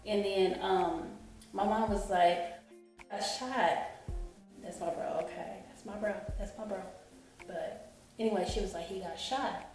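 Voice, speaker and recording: A woman's voice: medium pitch, steady tone, moderate pace, a little mellow. Rambling woman in an echoey room. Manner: rambling, keeps saying "you know what I'm saying". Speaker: channel host telling a personal story. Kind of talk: emotional storytime vlog. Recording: echoey room, distant mic, faint music.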